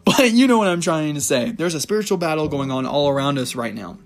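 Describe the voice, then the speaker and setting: A man's voice: fairly high pitch, lively intonation, fairly quick, faint music behind. A man giving an informal devotional talk, reading Bible verses and rambling a little as he laughs at himself. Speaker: Christian encouragement speaker.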